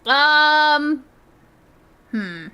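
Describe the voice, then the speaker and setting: A woman's voice: sits high, lively intonation, very slow, highs cut off. A woman streamer chatting casually, constantly restarting and interrupting herself. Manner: self-interrupting, frequent restarts and laughs. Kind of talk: casual chat.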